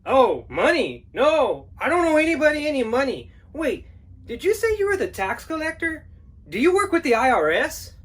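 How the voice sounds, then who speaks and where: Dude yelling in a comedy skit, loud and fed up, high voice. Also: male voice, wildly swooping pitch, normal speed. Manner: loud, exasperated ranting. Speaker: film reviewer. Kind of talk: comedy sketch.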